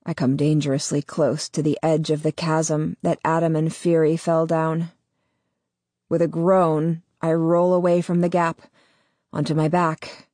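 A woman narrating a novel in the first person, measured and deliberate. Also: sits low, a little mellow, no room sound. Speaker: audiobook narrator.

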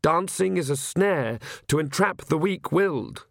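A man's voice: fairly high pitch, lively intonation, measured pace, gravelly, dry recording, clean studio sound, voice pushed up. A man voicing a nervous young male priest who stammers and apologizes. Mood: flustered.

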